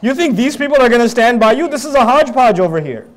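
A man voicing a brash, scornful male tribal envoy who scolds and mocks loudly. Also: very high voice, lively intonation, quick pace. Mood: scoffing. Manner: loud scolding, mocking.

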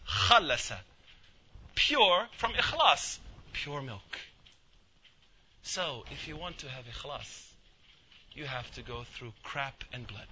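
A man's voice: on the high side, big pitch swings, unhurried, sharp tone, muffled recording, a little hiss or hum. A man giving a weekly religious lecture in a casual, joking way, acting out little stories and quotes. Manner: conversational and humorous, acts out quotes in asides. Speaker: Islamic lecturer.

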